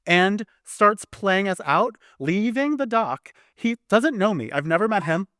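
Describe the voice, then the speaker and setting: A man telling a long story in casual podcast chat, animated and chatty with frequent restarts. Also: high voice, unhurried, no room sound, studio quality.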